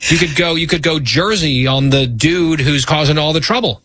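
A man's voice: on the high side, moderate pace, sharp tone, husky, no room sound. A man hosting a radio talk show, bantering with a co-host in a wry, teasing way.

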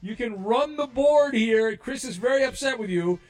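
A man's voice: extremely high pitch, expressive, normal speed, darkish tone. A man hosting a call-in game show on the radio, rambling through fillers and jokes. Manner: rambling, stumbles over fillers. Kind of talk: loose, joking radio talk.

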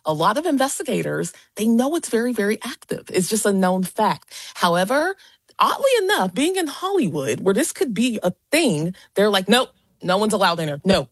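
A woman's voice: mid-range voice, sing-song, normal speed, husky, dry recording. A woman who is a paranormal investigator, a talk show guest who speaks eagerly and often restarts her sentences.

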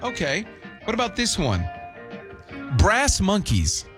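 A man's voice: sits high, wildly swooping pitch, slow pace, music in the background. A man hosting a morning radio show, bantering casually, teasing and laughing.

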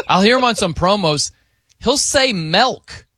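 A man's voice: sits high, lively intonation, unhurried, bright, forceful tone, slight background noise. A man hosting a radio show, chatting casually with a co-host, laughing and mimicking how people pronounce words. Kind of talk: casual on-air banter.

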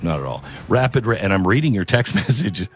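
A man's voice: fairly low pitch, sing-song, brisk, faint music behind. A man hosting a talk radio show, speaking in a rambling, conversational monologue with frequent restarts. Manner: rambling, conversational, self-interrupting.

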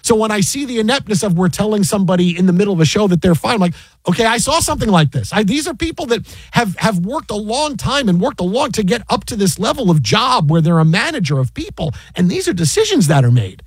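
A man who works as a sports broadcaster, telling an animated anecdote with many restarts and an incredulous tone. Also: high-pitched, fast, few pauses, husky, no room sound.

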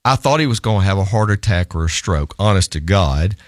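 A middle-aged man, a divorce lawyer, telling an animated anecdote in conversation, often laughing and repeating words. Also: low-pitched, a little fast, no echo, studio quality. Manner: lively storyteller, laughs often, repeats himself.

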